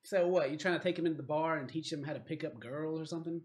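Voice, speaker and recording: A man's voice: fairly high pitch, steady tone, fast talker. A man narrating as game master of a tabletop game, rambling with lots of fillers.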